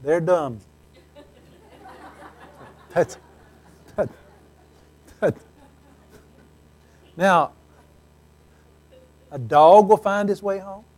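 A man's voice: sits high, drawn-out words, long pauses, a little mellow. A man, a pastor, preaching a sermon in a conversational way with joking asides.

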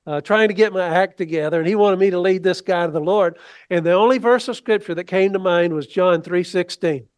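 A man's voice: high-pitched, no echo. A man preaching a sermon as pastor, in a folksy, rambling way with many restarts.

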